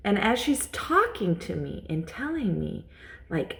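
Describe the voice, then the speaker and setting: A woman's voice: mid-range voice, very animated, normal speed, creaky. A woman vlogger telling a personal story in a casual, rambling way, repeating herself and using lots of fillers.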